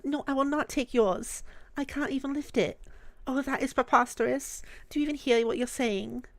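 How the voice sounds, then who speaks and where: A woman's voice: high voice, moderate pace, dry recording, pitched above the performer's own voice. A woman voicing a prim, huffy young girl in a put-on British accent, reading game dialogue aloud.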